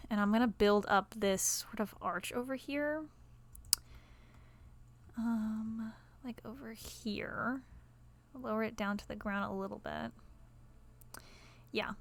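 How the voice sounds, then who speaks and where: A woman's voice: on the high side, gravelly, a bit bright. A woman streaming a building game from her apartment, rambling casually through a desktop microphone and dropping to murmurs as she works. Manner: chatty, rambling, many "like" and "kinda" fillers, drops to murmurs while working. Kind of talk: casual live-stream commentary while building. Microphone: desktop USB microphone.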